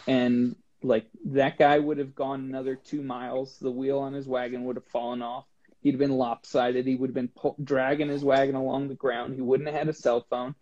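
A man's voice: medium pitch, moderate pace. A man who is a guest on the show, telling a story in a casual chat and acting out the dialogue with animation. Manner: animated retelling with acted-out dialogue. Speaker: guest, long-distance hiker. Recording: dull lo-fi sound with faint noise.

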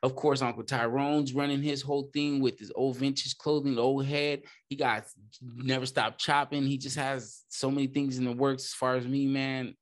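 Laid-back fighter guest, forties. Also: male voice, medium pitch, level tone, moderate pace. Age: 40s. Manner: laid-back, loose slang. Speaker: guest, Muay Thai fighter and instructor. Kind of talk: casual podcast chat.

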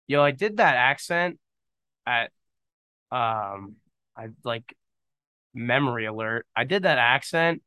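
Speaking a little slowly in a medium-pitched voice that's bright, forceful, clear and resonant, a man in his twenties hosts a casual solo podcast. He jokes and rambles off on tangents into an on-camera studio microphone, and the recording is dry.

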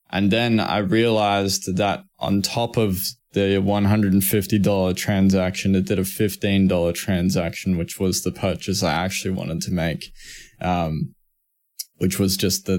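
Deep-voiced Australian man rambling casually. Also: darkish tone. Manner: rambling, profane, lots of fillers and restarts. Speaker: podcast co-host. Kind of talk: casual podcast chat.

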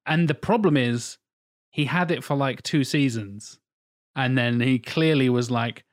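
A young man chatting casually on a podcast, telling stories with lively asides and acted-out quotes. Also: medium pitch, measured pace. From England. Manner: animated storyteller, acts out quoted voices, swears freely. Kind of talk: casual chat.

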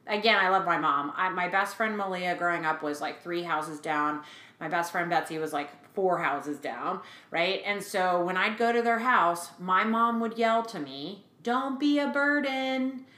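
A woman's voice: lowish voice, normal speed, reverberant. A woman in her forties co-hosting a podcast, chatting casually and animatedly, with lots of fillers. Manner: chatty, animated retelling with fillers and quoted voices. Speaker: podcast co-host. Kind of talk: casual chat.

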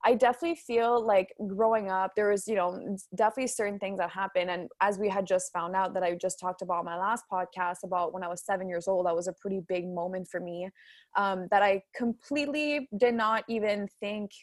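A woman's voice: mid-range voice, steady tone, brisk, no echo, studio quality. A young woman hosting a podcast, chatting casually and rambling with restarts. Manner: rambling, many fillers and restarts. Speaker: podcast host.

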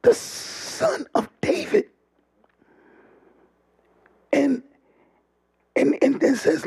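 A man preaching a sermon in a call-and-response style, often shouting and dropping humorous asides to the congregation. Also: extremely high pitch, sing-song, extremely slow, pauses often. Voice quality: gravelly, raspy.

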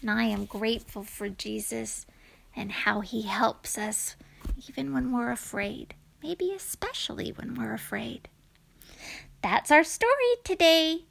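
A woman reading a rhyming children's story aloud in a gentle voice that drops to whispers. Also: a little high, unhurried, vocal fry.

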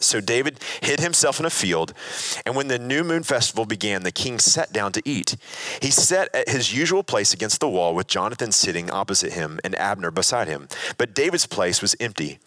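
A man's voice: lowish voice, bright, forceful tone, dry recording. A man teaching a sermon in a conversational way, retelling and reading a scripture passage aloud with frequent restarts.

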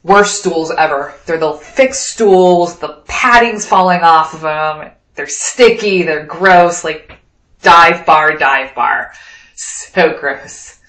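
A woman from Wyoming telling a lively anecdote in a casual way, acting out the lines of the people she met. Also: lowish voice, slow pace, reverberant, poor audio. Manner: lively anecdotal, acts out quoted dialogue. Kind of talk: casual storytelling.

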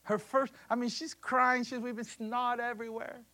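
A man preaching a sermon, telling a scripture story with animated bursts and acted-out voices. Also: very high-pitched, normal speed.

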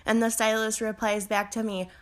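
A woman's voice: fairly high pitch, little pitch movement, moderate pace. Chatty woman telling a story. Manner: chatty, lots of "like" and "um"; acts out quoted voices, sometimes whispering. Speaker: podcast host, hairstylist. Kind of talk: casual storytelling monologue.

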